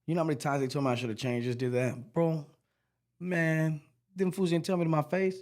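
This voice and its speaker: A man's voice: fairly high pitch, steady tone, brisk, darkish tone. Middle-aged male singer as interview guest; casual, slangy, acts out quotes.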